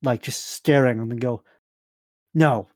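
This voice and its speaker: A man's voice: medium pitch, moderate pace, dry recording, clean studio sound. A man narrating a tabletop game as game master, often hesitating and searching for words.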